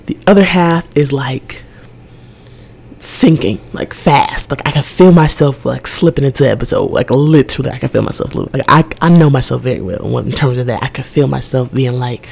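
A woman's voice: a bass voice, fairly quick, creaky, hardly any pauses, warm tone, husky. A young woman hosting a podcast, speaking in a casual personal monologue that is emotional and rambling, with a lot of "like". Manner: emotional, rambling, heavy use of "like". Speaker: podcast host.

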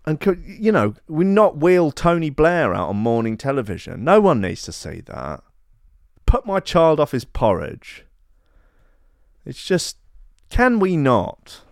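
A man's voice: on the high side, big pitch swings, unhurried, dry recording, clean studio sound. A man hosting a podcast, ranting sarcastically and swearing freely. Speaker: podcast host. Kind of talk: ranting comedy podcast monologue.

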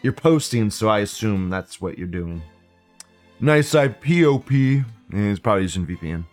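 A man's voice: lowish voice, animated, normal speed, faint music behind. A man hosting a live online show, talking in a rambling, profane and mocking way. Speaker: host. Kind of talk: casual live commentary.

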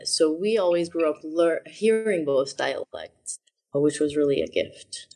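A woman's voice: deep voice, lively intonation, measured pace, dark tone. A woman in her thirties, a guest in an interview, talking reflectively and explaining with examples. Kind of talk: conversational interview.

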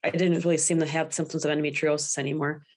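A woman's voice: low-pitched, flat delivery, very fast, darkish tone. A woman guest speaking candidly in a podcast interview, often quoting her own past thoughts. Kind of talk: personal interview.

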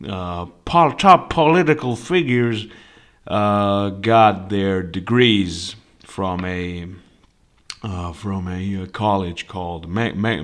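A young man hosting a podcast, telling a rambling story full of swearing in a casual monologue. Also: lowish voice. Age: young adult. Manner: profane, rambling and animated. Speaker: podcast host.

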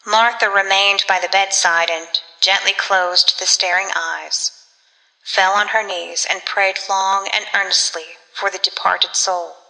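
A woman narrating a gothic story in a measured, dramatic reading. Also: medium pitch, steady tone, gravelly, pushed and bright, big-room sound, rough recording. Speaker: audiobook narrator.

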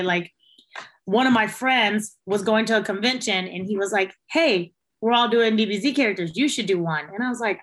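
Animated woman telling lively stories. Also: normal speed. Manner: animated storyteller, voices quotes in a much higher pitch. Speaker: interview guest, restaurant cook. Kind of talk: casual chat.

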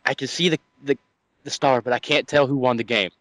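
A man's voice: mid-range voice, fairly even intonation, a little fast, fairly bright tone, no echo, close to an everyday voice. Very drunk young man, stubborn and muddled, voiced by a male storyteller, dry close sound.

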